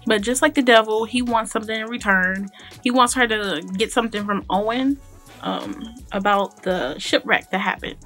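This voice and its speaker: A woman's voice: on the high side, normal speed, fairly bright tone, soft background music. A woman giving a casual, opinionated recap of a TV episode as a voice-over for her gaming video, chatty, full of fillers and restarts.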